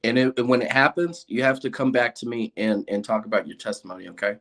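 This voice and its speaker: A man's voice: medium pitch, quick pace. Guy on an interview telling stories, laughs a lot, normal mid voice, super casual. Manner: animated storyteller, laughs often. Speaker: interview guest. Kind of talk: casual chat.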